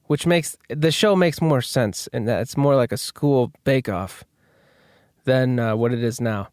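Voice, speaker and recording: A man's voice: mid-range voice, unhurried, darkish tone, smooth, dry recording, studio quality. A male host riffing in a casual, rambling, self-deprecating monologue and swearing freely.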